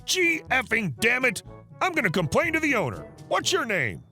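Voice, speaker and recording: A man's voice: fairly high pitch, big pitch swings, brisk, faint music behind. A man voicing an entitled male customer who demands service after closing, spoken in a demanding tone. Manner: demanding, yelling.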